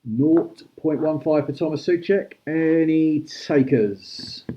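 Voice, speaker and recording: A man hosting a live-stream auction, chatty and brisk as he calls out prices and thanks bidders. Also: on the high side, lo-fi sound. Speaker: host auctioning cards.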